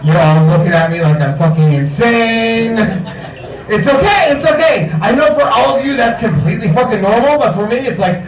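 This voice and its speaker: Brash stand-up comic, male, high voice, crowd-teasing, echoey room, distant mic. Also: moderate pace. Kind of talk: stand-up comedy. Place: bar comedy stage.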